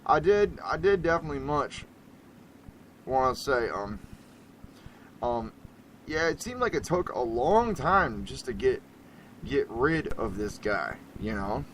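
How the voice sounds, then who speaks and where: Rambling, animated male radio host. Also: medium pitch, a little slow, pauses often, slight background noise, low-quality recording. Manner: rambling, animated, laughs often, jumps between loud and hushed. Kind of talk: casual talk radio chat.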